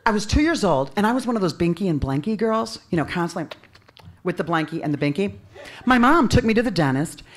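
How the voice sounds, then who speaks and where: A woman in her fifties telling a self-mocking comic story live on stage, in a conversational way. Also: lowish voice.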